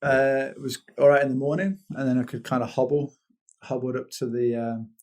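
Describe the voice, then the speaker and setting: A man's voice: medium pitch, fairly even intonation, brisk, a little mellow. A British man telling a rambling story as a guest in a casual interview, laughing often and restarting his sentences. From Britain. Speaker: guest, paraglider.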